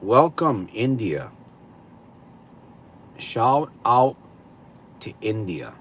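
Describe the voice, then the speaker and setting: A man hosting a live stream, greeting viewers and slowly posing reflective questions to them. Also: lowish voice, very animated, fairly bright tone, a little hiss or hum. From California. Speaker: livestream host.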